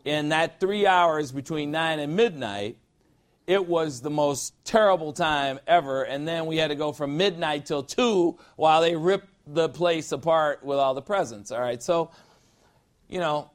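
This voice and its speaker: A man's voice: fairly high pitch, measured pace. A middle-aged man preaching a conversational sermon as pastor, informal and emphatic, repeating phrases for effect.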